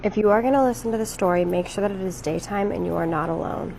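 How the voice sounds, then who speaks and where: A woman's voice: mid-range voice, fast talker, creaky, darkish tone, slight background noise. A woman telling a horror story in a casual, chatty way, stretching some phrases out for drama.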